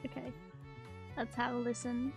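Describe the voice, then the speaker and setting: A woman's voice: on the high side, completely flat delivery, moderate pace, vocal fry, over music. A woman streamer chatting casually to her viewers, playful and teasing, often giggling. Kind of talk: casual live-stream chat.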